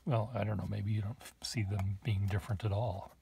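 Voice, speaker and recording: Fairly quick and level in tone, a man with a low, dark, creaky voice shows pens to the camera over slight background noise. He's a collector demonstrating nibs in a casual show-and-tell, musing with small asides while writing at his desk.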